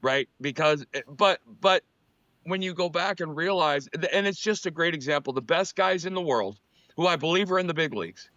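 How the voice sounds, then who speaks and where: Bright-voiced man swapping baseball stories. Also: on the high side, normal speed, no echo, lo-fi sound. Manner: animated anecdotes, frequent restarts. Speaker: former MLB pitcher, co-host. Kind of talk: casual storytelling chat.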